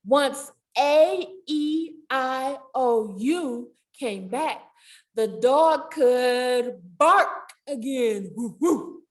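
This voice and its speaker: A woman reading a picture book aloud at a library storytime, animated and sing-song, with playful animal sound effects. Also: high voice, drawn-out words. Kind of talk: children's storytime read-aloud. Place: public library.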